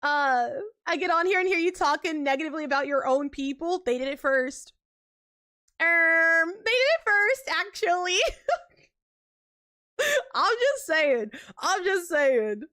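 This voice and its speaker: A young woman chatting casually on a live stream, animated and slangy, laughing often between lines. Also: very high voice, measured pace, no room sound, clean studio sound.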